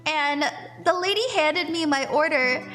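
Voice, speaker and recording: A woman streaming a spellwork session, chatting casually with a giggly, bubbly manner and slipping into soft, slow affirmations. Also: sits high, faint music behind. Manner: bubbly and giggly, often laughs. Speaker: streamer doing tarot and spellwork. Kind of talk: casual livestream chat.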